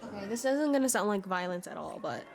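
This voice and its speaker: A woman's voice: mid-range voice, lively intonation, fast talker, over loud music. A young woman chats live with her viewers in a playful, giggly way. She talks close to a desk mic. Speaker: streamer. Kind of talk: live-stream chat while gaming.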